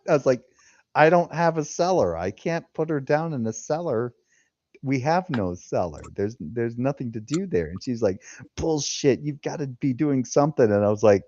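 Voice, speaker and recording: A lively man hosting a casual live-stream chat, his voice leaping up and down as he acts out the people in his stories. He speaks at an ordinary middle pitch into a headset. The sound is muffled and bone-dry. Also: measured pace, no echo. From California. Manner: animated storyteller, acts out quotes. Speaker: host.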